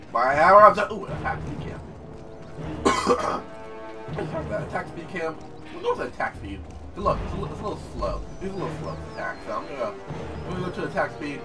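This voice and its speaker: A young man giving loud, hammy gameplay commentary, shouting catchphrases and swearing, with game music behind. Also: on the high side, expressive, a little fast, pauses often, far from the mic. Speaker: gameplay streamer.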